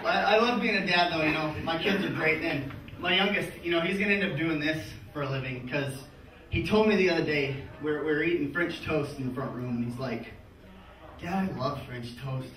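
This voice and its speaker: A man's voice: fairly high pitch, fairly quick. A man in his thirties doing a crude live stand-up set, often laughing through his own punchlines. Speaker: stand-up comedian. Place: comedy club stage with audience. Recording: distant, echoey live-room recording with loud audience noise.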